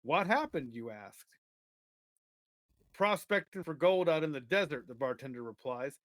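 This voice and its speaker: A man's voice: on the high side, unhurried, no room sound. A man co-hosting a podcast, chatting casually and reading an adventure story aloud to listeners. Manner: casual banter, reads the story aloud at an even pace.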